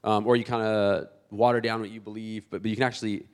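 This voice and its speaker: A man in his thirties preaching a sermon as a pastor, animated and conversational, acting out church members and often restarting his words. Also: lowish voice, fast, clean tone. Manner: many restarts and repeated words.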